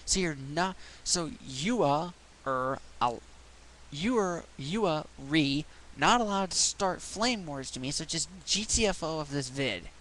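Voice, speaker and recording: A man's voice: a little high, animated, takes it slowly, a bit bright, a little hiss or hum, rough recording. A man ranting in a video blog, sarcastic, exasperated and profane as he mocks someone. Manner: profane, mocking. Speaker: video blogger. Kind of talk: ranting vlog.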